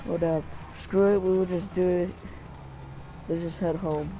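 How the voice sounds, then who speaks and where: A man's voice: high voice, a little slow, a little hiss or hum, low-quality recording. A man giving solo gameplay commentary, muttering and cursing at the game as he plays. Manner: excitable, mutters and curses at the game. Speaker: gamer.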